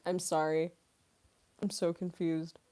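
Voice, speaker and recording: A woman's voice: fairly low pitch, flat delivery, takes it slowly, warm tone. A young woman voice actress chatting casually on a livestream Q&A, rambling and using lots of fillers. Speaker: voice actress and streamer.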